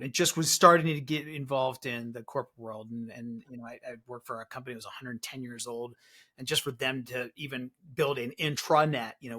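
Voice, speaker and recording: A man's voice: medium pitch, sharp tone. A man hosting a podcast interview, reflecting casually with loose fillers. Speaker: podcast host.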